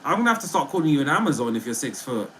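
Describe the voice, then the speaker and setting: A chatty man hosting a livestream, his fairly high voice swinging up and down with lots of life. His tone is bright and forward, and he talks playfully to his chat. A faint hiss sits under the recording. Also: very animated, racing, rough recording. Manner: chatty and playful, often laughing. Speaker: livestream host. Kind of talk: casual livestream chat reading viewer comments.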